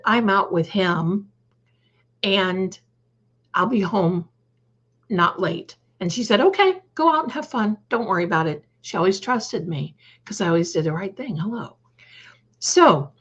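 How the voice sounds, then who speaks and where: A woman's voice: fairly low pitch, takes it slowly, pauses often, fairly bright tone, husky, lo-fi sound. An older woman hosting a live stream, chatting casually, telling a story and greeting viewers by name. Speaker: livestream host.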